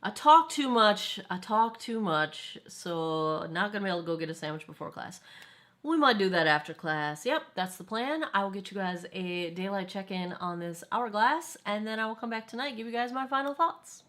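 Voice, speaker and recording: Chatty lady doing a makeup review on her phone, rambly, mid-pitched. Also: lively intonation, a bit bright. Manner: chatty, rambling, quick asides and laughs. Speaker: beauty vlogger. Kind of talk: casual makeup review vlog.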